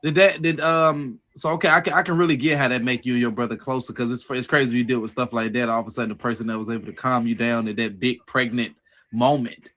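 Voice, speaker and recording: A man's voice: medium pitch, steady tone, quick pace, a bit bright. A man hosting a podcast, asking questions in loose, slangy casual talk with many restarts. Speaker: podcast host. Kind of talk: casual interview.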